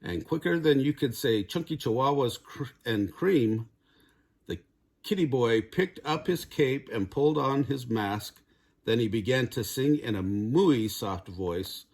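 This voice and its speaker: An older man reading a storybook aloud to children in a gentle, chuckling way. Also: medium pitch, measured pace.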